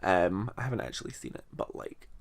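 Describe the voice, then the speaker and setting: A man's voice: low voice, big pitch swings, a little fast, vocal fry. A man in his twenties with a mild Scottish accent, chatting unscripted to camera about his teaching, rambling and self-deprecating. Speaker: English teacher. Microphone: camera in front of him.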